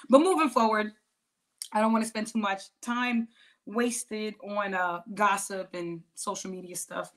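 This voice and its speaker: A woman's voice: a little high, a bit bright. A woman hosting a podcast, chatting casually and rambling a little, with frequent restarts and laughs. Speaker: podcast host. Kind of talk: casual interview chat.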